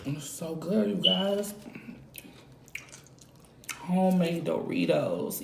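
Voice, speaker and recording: A woman's voice: low voice, vocal fry. A woman vlogging a mukbang, chatting casually between bites and humming contentedly as she eats. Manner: slow, relaxed talk between bites, lots of contented hums. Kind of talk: casual eating vlog. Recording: echoey room, faint background noise.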